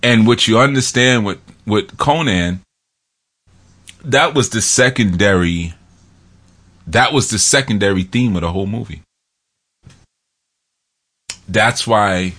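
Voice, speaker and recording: Deep-voiced man rambling in a casual monologue. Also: fairly bright tone. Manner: rambling, laughing, acting out quotes.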